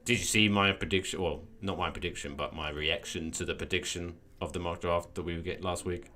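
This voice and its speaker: A man's voice: deep voice, fairly even intonation, brisk, bright, forceful tone. A man co-hosting a podcast in casual chat, rambling and restarting his thoughts, swearing now and then. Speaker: podcast co-host.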